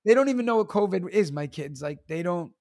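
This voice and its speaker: A man's voice: sits high, brisk. A man in his thirties, a teacher and comedian, telling stories in a casual podcast chat, acting out quotes and laughing often. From New York. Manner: animated storytelling, acts out quotes, laughs often.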